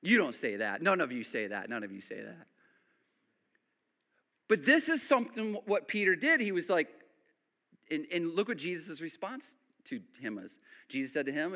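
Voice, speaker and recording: A man preaching a sermon, animated, then dropping to hushed emphasis. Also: on the high side, normal speed. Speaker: pastor.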